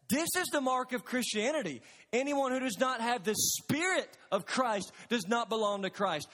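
A pastor preaches from the pulpit in a high, ringing voice. He is earnest and emphatic and presses the congregation with questions. His words carry a long reverb through the large sanctuary. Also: fairly bright tone. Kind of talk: sermon. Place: church sanctuary.

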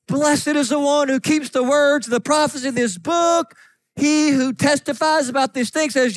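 A man preaching a sermon as pastor, reading scripture aloud with fervent emphasis that rises to shouts. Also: very high voice, normal speed. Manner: fervent, rising to shouts on key points.

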